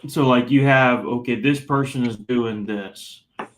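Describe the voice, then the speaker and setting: A man's voice: medium pitch, steady tone, a little slow, a little hiss or hum. A male student speaking casually in a class discussion, joking a little as he works through an idea.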